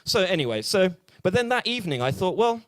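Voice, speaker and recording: Deadpan young Englishman doing stand-up. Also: sits high, quick pace, dry recording. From England. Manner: deadpan, hesitant delivery with many fillers. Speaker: stand-up comedian. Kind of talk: stand-up comedy set. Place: small bar open mic.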